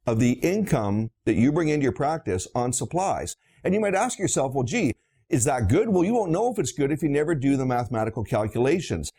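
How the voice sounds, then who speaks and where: Lively, gravelly-voiced dentist lecturing bluntly. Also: male voice, a little high. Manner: blunt, emphatic storytelling with rhetorical questions. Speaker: dentist and practice consultant. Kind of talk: lecture on practice finances.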